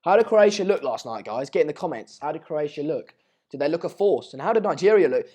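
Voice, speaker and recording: A young man, hosting a casual live match watch-along, reading out viewer comments in a chatty, rambling way and sounding slightly hoarse. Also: a little high, animated, fast talker, darkish tone. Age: late teens. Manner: chatty, rambling, restarts mid-sentence, calls viewers mate and pal. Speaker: live stream host.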